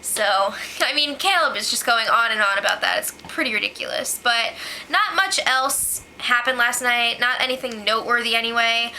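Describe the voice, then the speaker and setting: A young woman with a high, sharp, bright voice recaps a reality show in a loose, chatty way. She keeps slipping in "like" and often turns sarcastic. Her tone stays casual throughout. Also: animated, normal speed, a little hiss or hum, rough recording.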